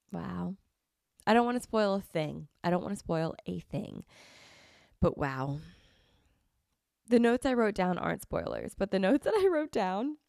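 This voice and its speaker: A woman's voice: lowish voice, vocal fry, a little mellow, dry recording, studio quality. A young woman hosting a podcast, chatting casually and gushing effusively, with a slight cold. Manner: gushing, effusive, repeats herself. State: has a cold, sniffly. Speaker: podcast host. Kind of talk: casual chat.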